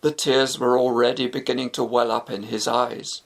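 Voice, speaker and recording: A man reading a story aloud for English learners, slow and expressive. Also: mid-range voice, gravelly. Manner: slow and expressive, voicing each character. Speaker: narrator.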